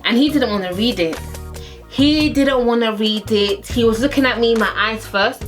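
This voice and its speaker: Animated young woman telling a story. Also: moderate pace, faint music behind. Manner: animated, acts out quotes with big pitch swings. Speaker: storyteller vlogger. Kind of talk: casual story time.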